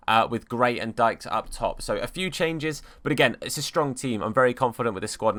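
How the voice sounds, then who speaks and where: A young man gives casual commentary while he plays a football video game. His voice sits at an ordinary pitch but has a bright, forward edge. He chats with his viewers and jokes around with mock outrage. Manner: chatty, playful, mock-outraged banter. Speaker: gaming YouTuber.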